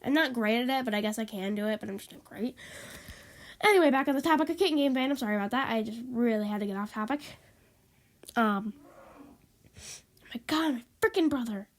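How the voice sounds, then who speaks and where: A woman's voice: fairly high pitch, lively intonation, fairly quick, long pauses. A woman vlogging in a casual, rambling monologue, stuffy and sniffling, apologetic and repeating herself, recorded on a tablet. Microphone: tablet microphone.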